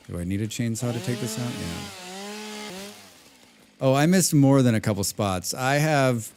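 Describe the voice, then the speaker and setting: A man's voice: mid-range voice, expressive, moderate pace, long pauses, a little mellow, a little hiss or hum. A man in mid-range voice talking his way through a live gaming stream. He rambles from thought to thought, hums little nonsense sounds under his breath and drops the occasional casual swear. The tone stays loose and conversational throughout. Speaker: game streamer. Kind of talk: casual live-stream chat while playing.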